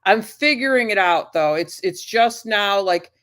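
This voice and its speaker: A woman speaking as a guest in a casual talk-show conversation. She talks gently and haltingly, and she calls herself a shy person. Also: medium pitch, lively intonation.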